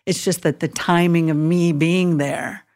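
A woman's voice: on the low side, steady tone, a little slow, a little mellow. A middle-aged woman, a hospital chaplain, telling an emotional story in a casual podcast chat and acting out what she thought and said. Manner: earnest, emotional storytelling with acted-out inner voices.

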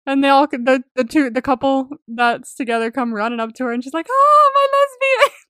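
Woman co-host, slightly high voice, dry close sound, gushing and giggly movie-recap chat. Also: flat delivery, fairly quick, dry recording. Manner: enthusiastic, swears casually, laughs often. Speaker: podcast co-host.

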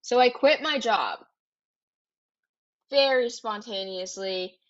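A woman's voice: fairly high pitch, slow pace, lo-fi sound. A young woman in her twenties hosting a podcast, telling a personal story in a candid, chatty way, swearing freely and tagging her sentences with "like" and "right?". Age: 20s. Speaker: podcast host.

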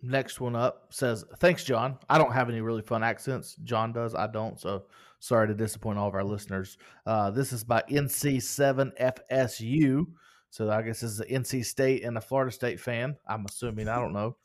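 A man's voice: medium pitch, fairly even intonation, normal speed. A man co-hosting a casual podcast, playful and joking as he reads reviews. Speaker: podcast co-host.

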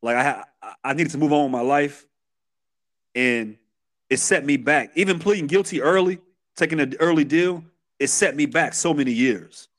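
A man from Chicago, USA, in his thirties, guests on a podcast and talks openly about his past, streetwise and prone to restarting his sentences, in a Chicago accent. His voice sits a little high, fairly bright, at normal speed.

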